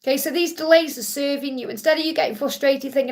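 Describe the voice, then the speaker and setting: Live tarot host, female: high voice with gravel in it, reassuring and affectionate with viewers. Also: brisk, hardly any pauses. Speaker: tarot card reader and live stream host. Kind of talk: live tarot reading, answering viewer questions.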